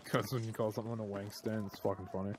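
A man's voice: on the low side, little pitch movement, a little fast, a little mellow, slight background noise. A man bantering crudely while gaming in a put-on Scottish accent, sounding tired. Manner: crude, joking, drowsy drawl. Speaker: gamer. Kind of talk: casual gaming chat.

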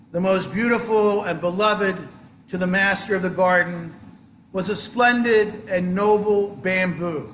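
A man giving a sermon as pastor, telling a parable in a solemn, measured way in a church. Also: sits high, fairly bright tone, reverberant, a little hiss or hum.

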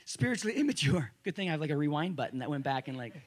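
A male pastor giving a conversational sermon to a congregation. He restarts phrases often and swings between loud emphasis and quiet asides. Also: a little high, racing. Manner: conversational preaching with frequent restarts. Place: church service room with a congregation.

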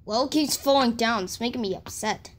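Woman doing a sulky male engine for a homemade toy-train story, slightly high, halting delivery. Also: slight background noise, lightly acted. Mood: grumbling. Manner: whiny, halting, repeats words. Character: grumpy big male steam engine.

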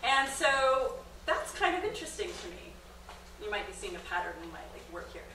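A middle-aged documentary filmmaker, appearing as a guest lecturer, tells a comedic story on a comedy club stage before an audience, speaking fairly quickly. She's an animated storyteller who acts out the voices with big pitch jumps. The distant mic gives a roomy live-venue sound with background noise.

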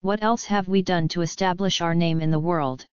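A woman's voice: fairly low pitch, steady tone, normal speed, clear, resonant tone, dry recording, dull audio, close to an everyday voice. A woman reading the part of a brooding young male prince in an audiobook, in an impassioned, bitter manner.

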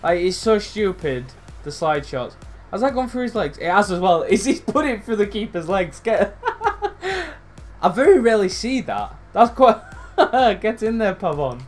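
A young man commentating his own football video game, swearing, swinging between loud outbursts and low muttering. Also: sing-song, unhurried, faint music behind. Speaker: gaming YouTuber. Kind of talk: live gameplay commentary.

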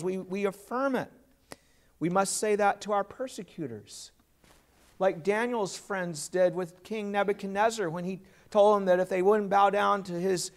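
A man's voice: sits high, gravelly. A man preaching a sermon as pastor, earnest and plain, putting questions to his congregation.

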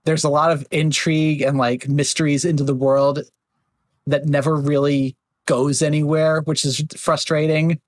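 A man hosts a casual podcast conversation in a slightly raised voice. He rambles in a relaxed way with many fillers and drops into quick mocking voices. The sound is dry and close, with no room to it. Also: on the high side, dry recording. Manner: chatty, filler-heavy, slips into mocking voices. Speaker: podcast host. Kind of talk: casual chat.

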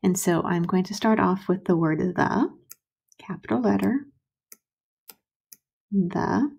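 A woman teaching first graders to write sentences, modeling slowly and sounding out syllables with patience. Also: medium pitch, creaky, a little mellow, husky, highs cut off. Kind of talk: recorded writing lesson for young children.

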